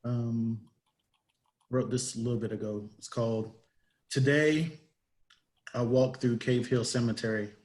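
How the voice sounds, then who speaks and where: A man raised in England, chatting and then reading his own poem aloud in a measured, deliberate way. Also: medium pitch, steady tone, a little mellow. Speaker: poet. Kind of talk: casual chat and poetry reading. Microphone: video call.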